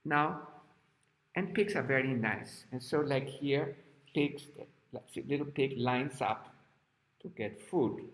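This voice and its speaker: An older man teaches teenagers through a story, explaining gently and animatedly. He speaks at an unhurried pace. The sound is roomy, with a long hall reverb. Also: medium pitch, lively intonation. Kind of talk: storytelling lesson to teens.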